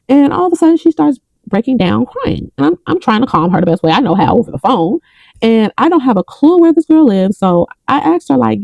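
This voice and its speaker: A young woman chats to her viewers while counting bills into envelopes, reading the numbers out one by one. Her voice is mellow and a little gravelly, and the sound is close and dry with no room around it. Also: a little high, big pitch swings, moderate pace, no echo, poor audio. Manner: counts bills aloud, tells a story between counts. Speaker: budgeting vlogger. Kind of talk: casual chat while counting cash.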